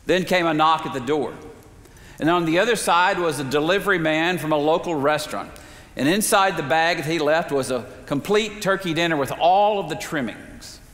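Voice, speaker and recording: A man preaching a sermon, telling a story in a measured way with slow, emphatic pauses. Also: a little high, a bit bright. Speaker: pastor. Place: church sanctuary. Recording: reverberant sanctuary.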